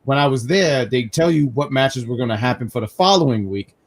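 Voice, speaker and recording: A man from New York hosting a casual live wrestling review stream, telling animated stories with self-mocking jokes. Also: mid-range voice, fairly quick. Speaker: podcast host.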